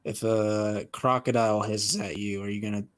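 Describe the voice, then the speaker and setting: A man's voice: fairly low pitch, steady tone, moderate pace, no echo. A young man co-hosting a live stream, teasing his friend with playful, challenging questions. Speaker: co-host of a fan live stream. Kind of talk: casual live stream chat.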